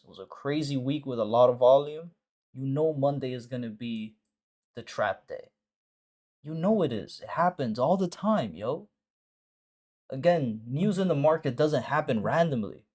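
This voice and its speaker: A man of middling pitch who coaches his viewers through a live trading session. He is blunt and peppers his talk with slang and profanity. He drives points home by saying short phrases again and again. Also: darkish tone. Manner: repeats short phrases for emphasis. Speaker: forex trading mentor and stream host. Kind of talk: casual live-stream commentary.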